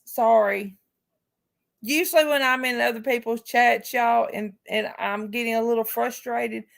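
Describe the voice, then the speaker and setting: A woman's voice: fairly high pitch, gravelly. A woman hosting a live stream, speaking casually and outspokenly to her chat viewers with heartfelt remarks. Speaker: livestream host.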